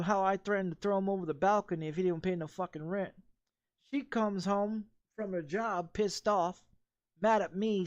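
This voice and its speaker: Guy streaming games, fired up and cussing nonstop, kinda high voice, dry close sound. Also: dry recording. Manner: heated, profane ranting with many repeats. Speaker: game streamer. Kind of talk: casual storytelling during a gameplay stream.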